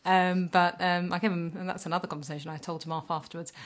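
A woman's voice: lowish voice, fast. A woman in her thirties co-hosting a podcast, telling stories animatedly and acting out the quotes. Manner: animated storyteller who acts out quotes. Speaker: podcast co-host. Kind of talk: casual storytelling chat.

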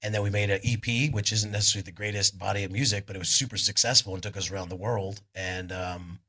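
A middle-aged man from California, a guest musician telling laid-back, animated stories at a live podcast show, acting out what others said. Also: fairly low pitch, fast, slightly rough. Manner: laid-back, animated storytelling with voices for quotes. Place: arts club on stage before an audience.

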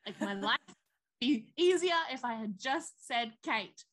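A woman co-hosting a casual podcast, with a slightly high voice. She tells stories with energy and slips into the voices of the people she quotes. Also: measured pace. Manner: animated storytelling, acts out quoted voices. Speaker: podcast co-host. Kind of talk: casual chat.

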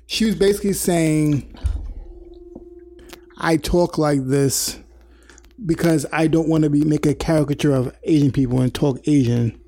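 A man's voice: on the high side, steady tone, fairly quick, mellow. A man from New York co-hosting a casual chat, earnest and explaining, often stammering through restarts. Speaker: podcast co-host.

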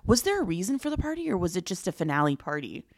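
Woman co-host with a low voice, gossipy and emphatic, chimes in to agree. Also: very animated, quick pace. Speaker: podcast co-host. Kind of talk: casual chat recapping reality TV.

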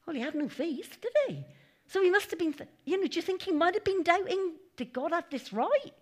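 A woman's voice: extremely high pitch, brisk. A woman giving a conversational sermon at a church meeting, with chatty asides and acted-out quotes. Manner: chatty, animated, laughing asides, acting out quotes. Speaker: preacher.

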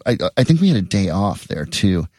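A middle-aged man, a musician guest in a casual interview, talking haltingly and repeating words. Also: sits low, sing-song, mellow, no echo, clean studio sound.

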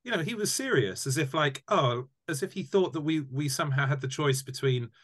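A man who founded a tour company tells lively stories as a guest in a casual storytelling chat. His animated anecdotes come at a brisk clip in a fairly high voice, and he repeats words when restarting.

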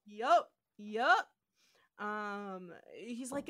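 A woman's voice: fairly high pitch, animated, measured pace, a bit bright, no room sound, clean studio sound. A woman co-hosting a podcast, playfully retelling a TV episode, laughing often and acting out the characters' lines. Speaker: podcast co-host. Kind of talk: casual chat, retelling an episode.

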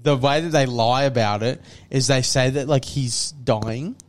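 A man co-hosting a podcast, chatting loosely and at length. He recaps things in a rambling way, full of "like" and casual swearing. His voice sits at an ordinary middle pitch. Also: a little slow. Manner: rambling, heavy on fillers and swearing. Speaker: podcast co-host. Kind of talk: casual chat, retelling a movie trailer.

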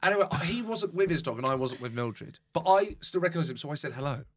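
Animated comedian telling stories. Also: male voice, fairly high pitch, quick pace. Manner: animated, swears freely, acts out quoted voices. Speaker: comedian guest. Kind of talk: casual storytelling chat.

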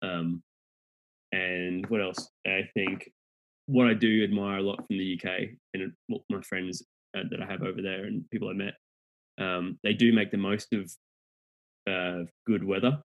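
A man's voice: deep voice, steady tone, a little slow, muffled recording. A man with an Australian accent, a podcast guest chatting casually and rambling through his thoughts with many restarts. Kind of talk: casual chat.

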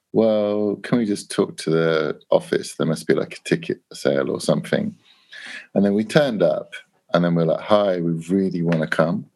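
An English man telling a long anecdote in a casual chat, animated, swearing and acting out what people said. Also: sits low. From England. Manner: animated anecdote, swearing, laughing, acts out quoted voices. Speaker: guest. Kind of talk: casual storytelling.

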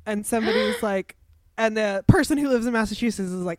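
A woman's voice: mid-range voice, quick pace, few pauses, no echo. A woman chatting casually, laughing often as she tells a story. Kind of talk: casual chat.

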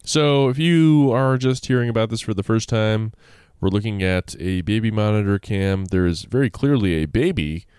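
A man co-hosting a casual podcast, reacting with playful jokes and quick remarks. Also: lowish voice, a little mellow, smooth, dry recording, clean studio sound. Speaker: podcast co-host. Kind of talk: casual chat.

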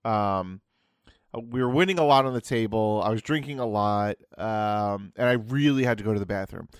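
A man's voice: lowish voice, moderate pace, smooth, dry recording, studio quality. A young man co-hosting a podcast, telling a long story in casual chat with lots of restarts and asides. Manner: rambling, self-interrupting storyteller. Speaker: podcast co-host.

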